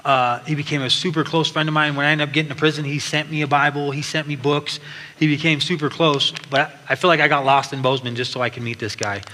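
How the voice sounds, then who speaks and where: A man's voice: on the high side, fairly even intonation, quick pace, sharp tone. A man giving an earnest personal testimony at church, telling his story with frequent restarts. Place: large church hall. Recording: long hall reverb, faint background noise.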